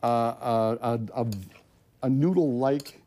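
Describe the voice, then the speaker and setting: An older man in his sixties explains a dish on a TV cooking segment. He stumbles often, repeating words and filling gaps. His voice is dark and mellow. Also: mid-range voice. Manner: halting, repeats words, many fillers. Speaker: guest chef. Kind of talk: casual cooking demo chat.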